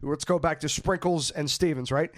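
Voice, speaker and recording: A man's voice: fairly high pitch, moderate pace, no room sound. A man hosting a comedy podcast, joking and stumbling as he reads facts to his co-hosts. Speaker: podcast host.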